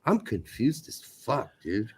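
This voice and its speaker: A man's voice: mid-range voice, very animated, slow, husky. A man co-hosting a casual sports podcast, blunt, opinionated and joking, with frequent swearing. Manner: blunt, profane, opinionated, jokey. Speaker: podcast co-host.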